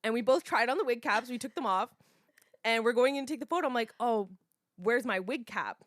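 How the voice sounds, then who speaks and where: A woman's voice: a little high, brisk, dry recording, clean studio sound. A woman podcast co-host telling an anecdote in casual chat, slangy and acting out quotes. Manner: animated storytelling with acted quotes, slangy.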